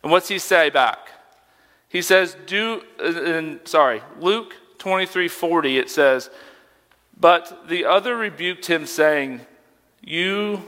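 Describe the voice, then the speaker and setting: A man's voice: fairly high pitch, slow pace, sharp tone, in a large hall. A young man preaching a sermon as a youth pastor, conversational and emphatic, asking rhetorical questions.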